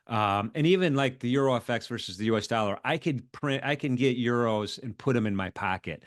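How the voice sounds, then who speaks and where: A man's voice: medium pitch, no room sound, clean studio sound. A man hosting a casual trading chat, talking hesitantly with many restarts. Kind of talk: casual market discussion.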